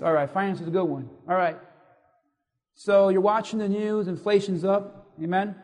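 A man preaching a sermon to a congregation, animated and asking the audience questions. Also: high-pitched. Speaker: pastor. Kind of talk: sermon with audience call-and-response. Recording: echoey hall reverb.

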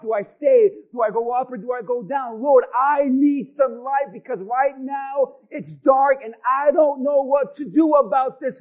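A man preaching a sermon to his church, swinging between loud shouted pleas and quiet asides. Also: very high voice, dull audio. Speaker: pastor. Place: church hall with congregation.

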